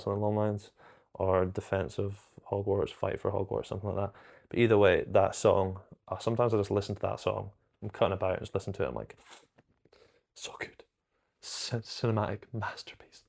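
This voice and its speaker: A man's voice: lowish voice, gravelly, darkish tone. A man chatting casually and enthusiastically to camera about films, rambling and correcting himself as he goes. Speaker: film reviewer.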